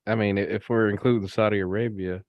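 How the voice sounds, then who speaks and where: A man in a casual podcast chat, cracking dry jokes in a smooth, lowish voice. The sound is dry and close. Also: steady tone, fast, no room sound, highs cut off. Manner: dry joking.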